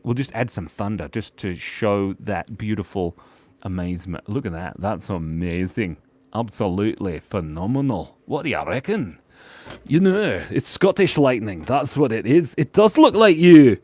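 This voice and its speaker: A man's voice: fairly low pitch, expressive, unhurried, a little mellow, dry recording. Playful man chatting while drawing. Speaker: host and illustrator. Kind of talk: casual live-stream drawing chat.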